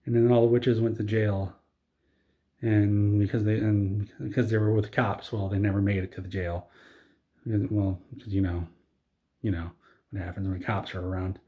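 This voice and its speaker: A man telling an absurd comedic story in a rambling, deadpan way. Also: on the low side, normal speed, dull audio.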